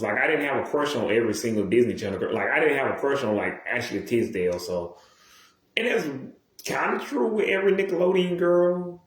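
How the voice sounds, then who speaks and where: A man rambles to his viewers in a loose, profane monologue, jumping from one aside to the next and restarting his sentences. His voice sits at an ordinary middle pitch. The room gives it a noticeable echo. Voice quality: profane, digressive, many restarts. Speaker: YouTuber. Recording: roomy echo.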